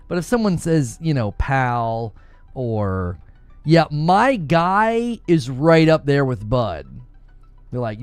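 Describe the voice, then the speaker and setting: A man reading chat on his gaming stream jokes about slang with viewers, laughing frequently and using mock-tough voices when quoting it. He speaks unhurriedly in a clear, resonant, medium-pitched voice with big pitch swings. There's no echo, and soft background music plays.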